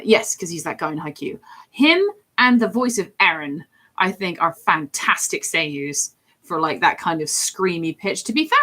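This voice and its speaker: A woman's voice: deep voice, a bit bright. A woman chatting in a rambling, casual way from her home office while drawing on a livestream, with lots of fillers. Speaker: streamer and hobby artist.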